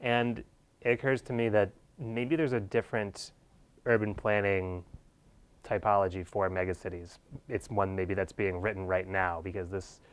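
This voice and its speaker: Low-voiced male interviewer, musing questions. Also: flat delivery, normal speed, clean tone. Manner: thoughtful, musing questions with hesitations. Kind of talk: conference video interview.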